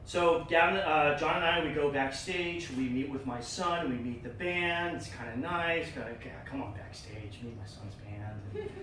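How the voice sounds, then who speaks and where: Animated man telling a story, echoey room. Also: on the high side, moderate pace, distant mic, noisy background. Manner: animated, acts out quoted voices. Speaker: club speaker. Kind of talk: personal storytelling speech. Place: meeting room.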